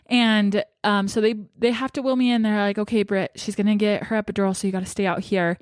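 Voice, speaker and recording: A woman's voice: medium pitch, fast, few pauses, no echo. Young woman telling a story to camera, chatty, acts out the dialogue, dry close sound. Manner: chatty, animated retelling with quoted dialogue. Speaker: vlogger.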